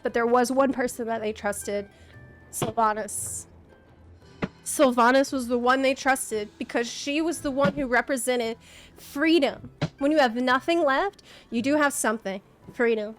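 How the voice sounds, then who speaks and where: A woman with a high voice rants to her stream chat at an unhurried pace. She is impassioned and exasperated, with a sarcastic edge. Faint music plays behind her. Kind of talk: live-stream rant to chat.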